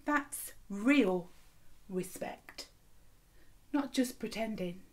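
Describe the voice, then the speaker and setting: A woman voicing a calm, kind man answering gently in a told story. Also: medium pitch, drawn-out words. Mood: gentle. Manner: gentle, patient.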